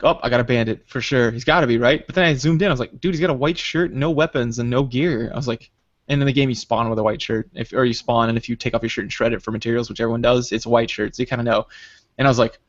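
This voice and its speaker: A man hosting a podcast, telling a gaming story with lively acted-out quotes. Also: mid-range voice, fast, no echo. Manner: animated retelling, acts out quoted dialogue. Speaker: podcast host. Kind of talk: casual storytelling chat. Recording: dull lo-fi dry podcast audio.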